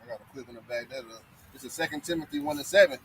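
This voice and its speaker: A man's voice: mid-range voice, rapid-fire, fairly bright tone, breathy edge, low-quality recording. A man in a casual religious discussion who reads scripture aloud and speaks emphatically in colloquial speech. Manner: emphatic and colloquial, with repeated words.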